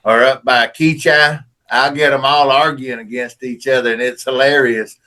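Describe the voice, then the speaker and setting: A man from East Texas, co-hosting a casual chat. His voice is bright and forceful at a middle pitch. He jokes in a colorful, wisecracking way. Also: fairly even intonation, moderate pace.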